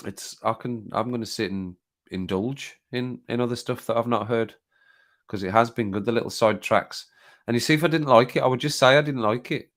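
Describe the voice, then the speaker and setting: A man's voice: mid-range voice, a bit bright. A British man hosting a casual live-stream chat from home, rambling and laughing, often repeating himself. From Britain. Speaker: YouTube channel host. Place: home, sitting at desk.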